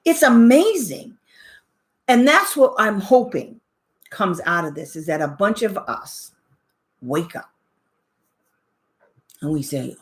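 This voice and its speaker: A woman's voice: medium pitch, animated, takes it slowly, long pauses. An older woman hosting her channel, talking casually from home in an emphatic, preachy way and laughing often. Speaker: channel host. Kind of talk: opinionated casual talk.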